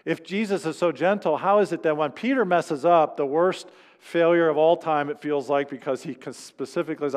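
A male pastor preaches to his congregation in a casual, conversational way, now and then slipping into the voices of the people he quotes. His voice sits a little high for a man, and it rings out with the long reverb of a church sanctuary. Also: fairly quick, hardly any pauses. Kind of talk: sermon.

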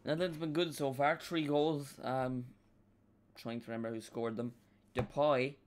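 A young man streaming a football watch-along, rambling and excitable as he chats with his viewers. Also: medium pitch, moderate pace.

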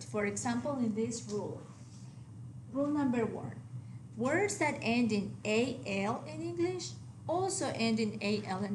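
A woman teaching a recorded Spanish lesson, patient and steady, often checking in with "okay?" and repeating word pairs slowly for her students. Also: a little high. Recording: echoey room, faint background hiss.

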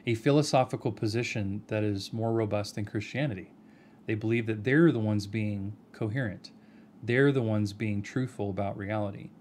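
A man with a fairly low voice speaks straight to camera in a measured, respectful but argumentative tone. He keeps returning to rhetorical questions aimed at one person, with a faint hum of room ambience behind him. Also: darkish tone. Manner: earnest, argumentative, addresses the other person by name. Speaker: video commentator. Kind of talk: direct-to-camera video response.

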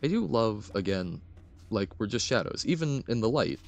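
A man streaming a game who chats in a loose, rambling way and pokes fun at himself. His voice sits low but moves a lot. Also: animated, moderate pace, creaky. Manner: rambling, self-deprecating. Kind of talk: casual let's-play commentary.

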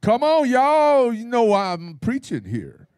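A man's voice: extremely high pitch, huge pitch swings, unhurried, darkish tone, clean tone, no room sound, studio quality. A man preaching at a Bible study in a folksy, playful style, with call-and-response and laughter. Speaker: pastor.

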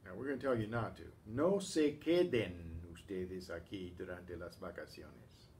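A man teaching a class, speaking slowly and patiently and clearing his throat often. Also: sits low, darkish tone, slight background noise. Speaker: Spanish teacher. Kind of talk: class lesson.

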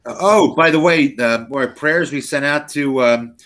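A man's voice: on the high side, unhurried, fairly bright tone. A man co-hosting a casual podcast, telling rambling stories and acting out what others said. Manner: rambling storyteller, acts out quoted people. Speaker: podcast co-host.

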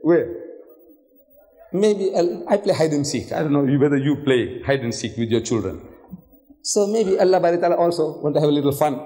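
An older man delivers a public lecture in a hotel hall, his fairly high voice swooping up and down as he acts out the voices in his stories. He fires off rhetorical questions at the crowd. His words ring with a long hall echo. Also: normal speed. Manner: animated storytelling with rhetorical questions; acts out voices in quoted dialogue. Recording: echoey hall reverb.

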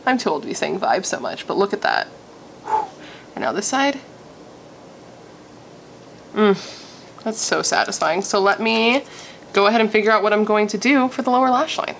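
A young woman from Missouri chatting casually and gushing as she does a makeup tutorial, thinking out loud. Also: mid-range voice, lively intonation, normal speed, vocal fry, pauses often, a little hiss or hum. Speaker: beauty vlogger.

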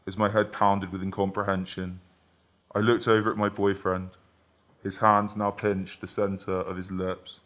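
A man with a fairly low voice reads a first-person short story aloud. His delivery is measured and intimate, moving through the scene steadily. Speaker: author reading a story. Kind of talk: literary reading of a short story.

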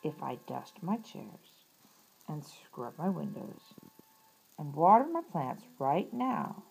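Lady reading a whiny lazy toad guy from a kids book, slow and lively. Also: low-pitched, gravelly, breathy edge, exaggerated voice, low-quality recording. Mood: earnest. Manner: whiny, putting things off. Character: lazy grumbling male toad, storybook.

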